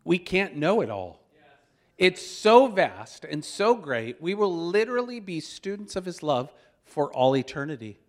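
A man preaching a storytelling sermon, animated and chuckling, who breaks into loud exclamations when he acts out moments. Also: on the high side, unhurried. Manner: animated, shouts out quoted exclamations; chuckles while telling stories.

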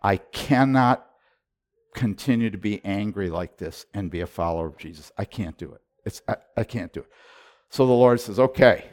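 A middle-aged man preaching a sermon as a pastor, retelling his prayers and moving between hushed and loud delivery, often repeating and restarting his words. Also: fairly low pitch, normal speed. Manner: repetitive restarts and stammers when excited. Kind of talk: sermon storytelling.

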